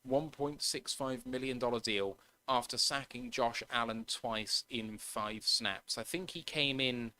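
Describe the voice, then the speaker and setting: A man's voice: medium pitch, a little slow, hardly any pauses, bright, forceful tone, no echo. A man co-hosting a sports podcast, casually running through a player's numbers and laughing at his own slips. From United Kingdom. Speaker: podcast co-host.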